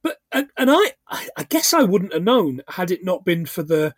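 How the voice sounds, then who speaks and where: A man's voice: sits high, very animated, normal speed, no echo, studio quality. A man in his forties co-hosting a casual film podcast, recapping the plot with jokey asides and frequent laughter. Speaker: podcast co-host.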